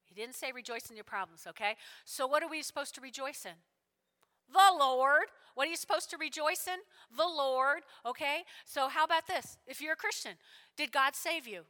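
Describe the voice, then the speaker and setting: High, bright-voiced woman preaching in a reverberant hall. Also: a little fast. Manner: animated, repeats lines, checks in with "all right?". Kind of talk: sermon.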